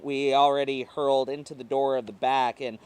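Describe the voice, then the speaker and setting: A man reading a first-person short story aloud, emotive and swinging between quiet passages and intense ones. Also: mid-range voice, little pitch movement, normal speed, clear, resonant tone. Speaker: reader.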